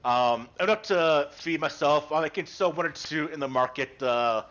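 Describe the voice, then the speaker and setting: A man voicing a humble, polite fisherman who speaks hesitantly with many pauses, in a tabletop game over a web call. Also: on the high side, fairly bright tone, highs cut off, pitched below the performer's own voice, lightly acted. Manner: hesitant, halting, full of ums and pardons. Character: humble middle-aged male fisherman, polite and shy.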